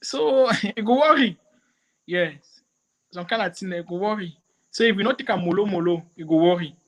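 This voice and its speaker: A comedian guest with a high voice chats casually in an interview, animated and quick to slip into French and mimicry.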